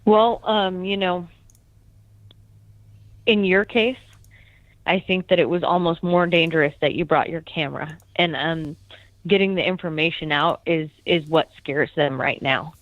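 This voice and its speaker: An American woman guest giving a soft-spoken, steady update, with frequent ums. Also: lowish voice, a little slow, no room sound, highs cut off. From United States.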